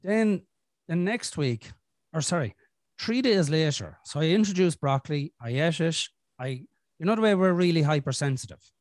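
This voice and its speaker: A man's voice: a little high, expressive, moderate pace, a little mellow, dry recording, studio quality. A man hosting a podcast, telling his own story in a candid, casual way and swearing often. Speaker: podcast host. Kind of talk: casual conversation.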